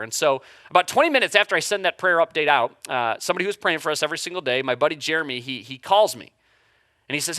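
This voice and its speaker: A man's voice: fairly high pitch, fast talker, pushed and bright, no echo, clean studio sound. A man in his thirties, a pastor giving a conversational livestreamed sermon, joking and often restarting words.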